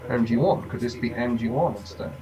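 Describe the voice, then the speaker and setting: A man's voice: medium pitch, brisk, dark tone. A man thinking aloud at a workshop bench, rambling casually with wry asides as he demonstrates electronics work. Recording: distant mic with faint room noise.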